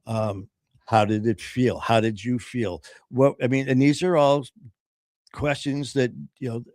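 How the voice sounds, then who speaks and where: An earnest man tells his own story in casual talk, pausing and restarting as he goes. His voice sits in a middle register and is recorded with a dry, close sound. He voices the people he quotes in his own voice. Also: mid-range voice, fairly even intonation, a little mellow, no echo. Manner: earnest, halting, often pausing with "um".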